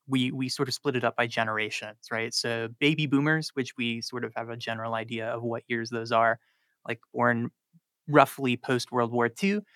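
A man's voice: medium pitch, bright, forceful tone, no room sound, studio quality. A man from North Carolina, a linguistics professor, explaining his research in a radio interview with frequent likes and ums. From South Charlotte, North Carolina.

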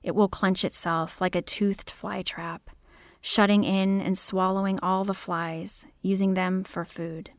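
A woman poet reading her own poems aloud in a measured, deliberate way. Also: medium pitch, flat delivery, dry recording, clean studio sound. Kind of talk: poetry reading.

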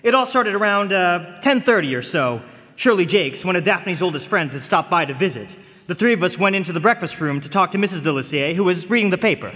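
A man's voice: sits high, lively intonation, brisk, pushed and bright, big-room sound. A man voicing a flustered, stammering young suitor in a radio drama. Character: nervous lovestruck young suitor.

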